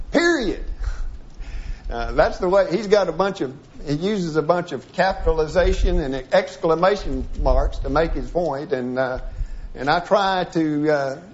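A man teaching a sermon-style Bible lesson, reading passages aloud and then breaking them down piece by piece with frequent restarts. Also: fairly high pitch. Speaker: preacher. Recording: dull lo-fi recording.

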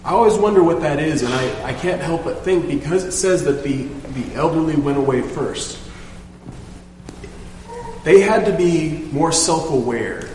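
A man in a Bible study group sharing a thoughtful, halting reflection. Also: on the high side, animated, darkish tone. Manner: thoughtful, halting, restarts phrases. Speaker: class member. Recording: distant voice in an echoey hall with background noise.

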